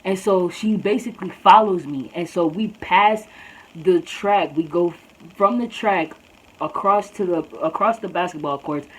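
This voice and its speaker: Husky-voiced young woman telling a story. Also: on the low side, unhurried, rough recording. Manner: casual slangy storytelling, says "bro" a lot. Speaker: vlogger. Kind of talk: storytime vlog.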